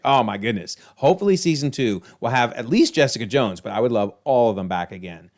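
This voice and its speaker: A man hosting a video, recapping a TV episode in an animated, exclaiming way. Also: mid-range voice, a little fast, few pauses. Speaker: video host.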